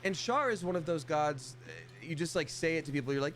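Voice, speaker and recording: Fairly quick and full of lively intonation, a man with a voice on the high side chats casually with viewers while streaming a fantasy game. His livestream commentary is playful and chatty, and he readily puts on silly voices.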